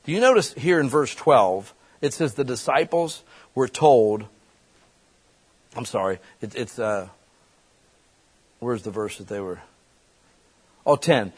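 A man preaching a sermon in a conversational way, breaking into quick acted-out voices. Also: medium pitch, husky. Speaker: pastor.

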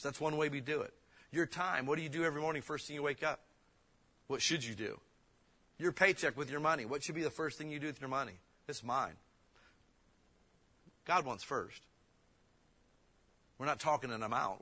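Bright-voiced preacher with twang. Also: male voice, mid-range voice, slightly rough. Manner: casual, joking preaching with emphatic bursts; reads King James verses slowly. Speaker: pastor. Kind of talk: sermon.

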